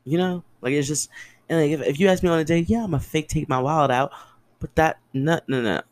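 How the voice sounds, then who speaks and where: Slightly high and a bit fast, with no echo, a man in his twenties hosts a podcast alone. He delivers a casual storytelling monologue about his own life, profane and dramatic, replying to his own questions.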